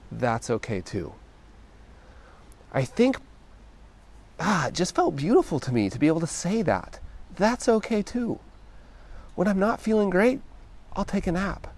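Man musing gently in a solo monologue. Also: high voice. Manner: conversational, often ends thoughts with "right?"; gentle, thoughtful, encouraging. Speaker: podcast host.

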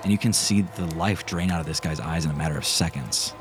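Deep-voiced man narrating a game. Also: fast, background noise. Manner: calm descriptive narration. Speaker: game master. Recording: music bed behind.

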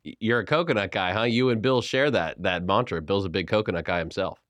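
A man's voice: on the low side, fast talker, dry recording. A man hosting a morning radio show, joking and bantering playfully with his guests. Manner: animated, joking.

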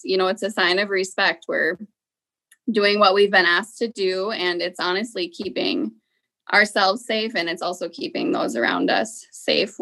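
A woman who works in a school talks in an earnest, reflective way. She often pauses with filler phrases as she gathers her thoughts. Her voice sits at a medium pitch. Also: sharp tone. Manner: earnest, with frequent "you know" fillers. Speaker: school educator. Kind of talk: reflective interview talk.

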